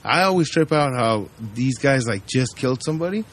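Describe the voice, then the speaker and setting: A man's voice: mid-range voice, a little fast. A man in a casual podcast chat, telling crime stories with lots of acted-out quotes and easy swearing. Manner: animated storyteller who acts out quotes and swears casually. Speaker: podcast host.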